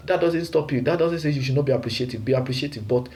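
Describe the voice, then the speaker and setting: A man's voice: mid-range voice, rapid-fire, darkish tone. A man preaching a sermon emphatically, with rhetorical questions and repeated phrases.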